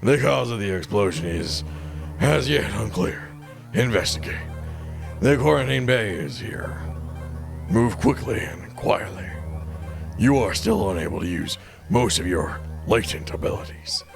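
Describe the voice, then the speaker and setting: A man voicing a blunt male ship's computer commander in a clipped, flat robotic delivery, reading game dialogue aloud over game music. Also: fairly low pitch, unhurried, vocal fry, voice pushed down. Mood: commanding.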